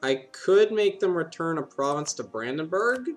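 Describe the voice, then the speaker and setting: A man's voice: fairly high pitch, lively intonation, normal speed, faint music behind. A man giving rambling, playful commentary while playing a strategy game, talking to himself and laughing at his own jokes. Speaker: gaming video host.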